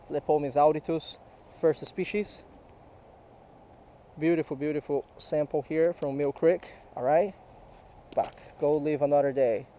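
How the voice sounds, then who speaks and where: A man's voice: fairly high pitch, mellow, slight background noise, rough recording. Chatty man vlogging beside a creek. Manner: chatty, addresses viewers directly. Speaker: fishing vlogger. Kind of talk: casual outdoor vlog narration.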